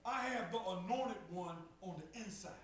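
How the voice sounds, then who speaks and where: A man's voice: high-pitched, moderate pace, a bit bright. A man preaching a call-and-response sermon, repeating phrases and rising in fervor. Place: church sanctuary. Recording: echoey church from far off, faint hum.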